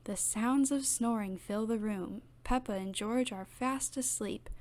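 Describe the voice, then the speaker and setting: A woman reading a children's picture book aloud in steady, gentle narration. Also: on the high side, a little slow. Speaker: storybook reader.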